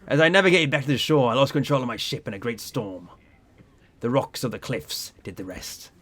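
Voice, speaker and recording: A gruff old sea captain in a video game, drinking alone and spinning slow, heavy tales, read out by a man. The voice sits at an ordinary middle pitch. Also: fairly bright tone, lightly acted.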